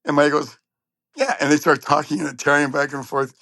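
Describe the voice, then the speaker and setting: A man's voice: on the high side, fast talker, creaky, no echo. A man from Southern California telling stories as a trumpet player guest in an interview, acting out what people said. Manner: animated storyteller, acts out quotes. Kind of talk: storytelling interview.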